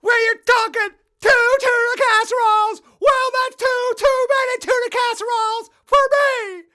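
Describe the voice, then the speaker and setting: Super high squawky old codger, cranky and shouty, cartoon style. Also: male voice, animated, unhurried, full character voice. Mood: rambling. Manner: shrill yelling. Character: cranky shrieking old-timer man. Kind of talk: cartoon voice sketch.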